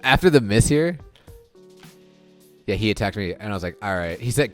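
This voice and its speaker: Low-voiced man chatting through a game. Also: expressive, normal speed, pauses often, soft background music. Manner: thinking out loud, chatty, many restarts and "I'm like" retellings. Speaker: gaming video creator. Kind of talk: casual game commentary over recorded play.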